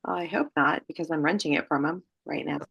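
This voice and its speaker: A woman's voice: low-pitched, a little fast, creaky, husky, no echo, lo-fi sound. A woman playing a prospect in a sales role-play, giving hesitant, improvised answers.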